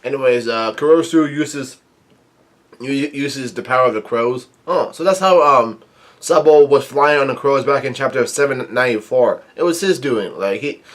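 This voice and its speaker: A man casually recapping a manga chapter, rambling with many fillers and reading the dialogue out flatly. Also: medium pitch. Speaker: manga reviewer.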